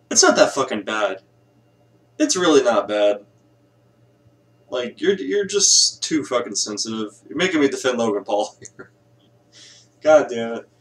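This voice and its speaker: A man's voice: medium pitch, fairly bright tone. A man hosting a reaction video, ranting bluntly with lots of swearing. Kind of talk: casual reaction commentary.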